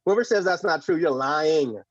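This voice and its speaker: A man from Puerto Rico, guest on a podcast, telling stories in animated casual talk with frequent laughs and repeated words. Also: on the high side, moderate pace, no echo, dull audio. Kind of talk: casual conversation.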